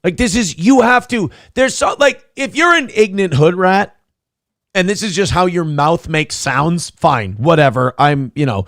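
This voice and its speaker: A man's voice: high voice, lively intonation, moderate pace, a bit bright, no room sound, studio quality. A man hosting a morning talk show, crude, mocking and opinionated in casual banter. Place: radio studio.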